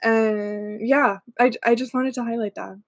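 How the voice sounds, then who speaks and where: Hosting a relaxed, conversational podcast interview, this woman keeps her guest feeling affirmed and guides where the questions go. Her voice sits on the high side, with fairly even intonation and a moderate pace, and her manner is warm and agreeable.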